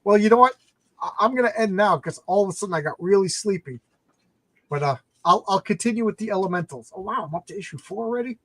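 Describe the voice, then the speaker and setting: A man's voice: sits high, expressive, fast talker, fairly bright tone, no echo. A man hosting a casual late-night comics live stream, rambling as he retells comic plots.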